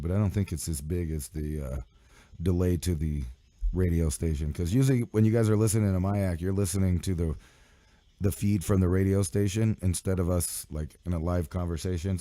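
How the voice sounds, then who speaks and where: A man's voice: sits low, dark tone, dry recording. A man hosting a live radio show in loose, rambling, profane banter, his voice sick. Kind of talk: casual live stream and radio chat.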